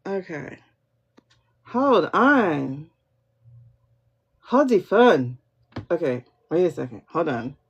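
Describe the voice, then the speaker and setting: Woman tarot livestream host, slow, drawn-out and swooping delivery, excitable, dull lo-fi stream audio. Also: deep voice, husky. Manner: excitable, keeps repeating "hold on" while asking questions; talks to viewers and to her spirit guide. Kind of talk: livestream pendulum reading. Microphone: phone or computer mic for livestream.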